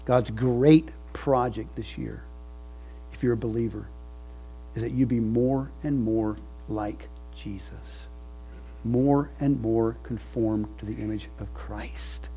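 A man preaching a sermon, building to loud emphatic peaks and falling soft at the ends of phrases. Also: mid-range voice, fairly even intonation, takes it slowly, soft background music, poor audio. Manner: leads congregation in recited scripture. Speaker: pastor.

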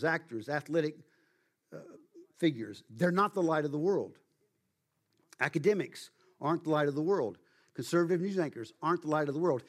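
A man preaching a sermon as pastor, speaking emphatically and slowing down to stress key words. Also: on the high side.

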